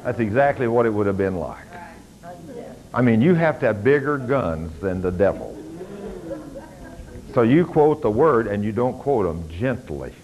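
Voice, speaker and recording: An older man, preaching a sermon as a pastor and rising to loud, fervent commands. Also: lowish voice, lively intonation, normal speed, long pauses, dull audio.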